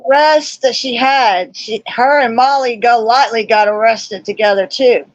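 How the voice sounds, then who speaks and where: A woman with a slightly high voice chats bluntly as a stream guest, cutting in to make her point. Her audio sounds dull and dry. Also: fairly even intonation, measured pace, no room sound. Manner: blunt, casual, interjecting. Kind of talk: casual chat.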